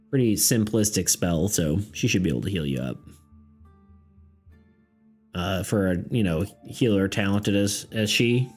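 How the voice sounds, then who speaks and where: Brief: reassuring adventurer, lowered and unhurried, halting speech, put on by a man streaming a game. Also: a little mellow. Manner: halting, full of fillers.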